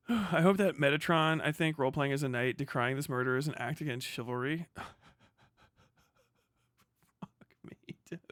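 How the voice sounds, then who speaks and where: A man's voice: on the high side, unhurried, pauses often, fairly bright tone, no room sound, clean studio sound. A young American man hosting a livestream, ranting in casual, profane, sarcastic commentary with frequent laughter. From United States. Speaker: livestream host.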